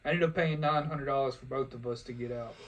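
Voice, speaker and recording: A man's voice: mid-range voice, fairly even intonation, fast talker. A young man, telling profane, laughing stories in a casual podcast chat. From Louisiana, US. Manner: laid-back, profane, laughing storyteller. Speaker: podcast host. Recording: distant mic with faint noise.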